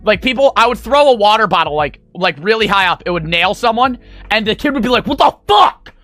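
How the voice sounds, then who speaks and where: A man's voice: high-pitched, expressive, quick pace, pushed and bright, no room sound, faint music behind. A young man streaming, telling a rambling, profane story to his chat. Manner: rambling, profane, full of fillers.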